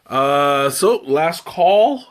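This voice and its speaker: A man's voice: a little high, expressive, very slow. A man hosting a live tea tasting, chatting casually and rambling with many fillers and restarts. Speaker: livestream host tasting tea.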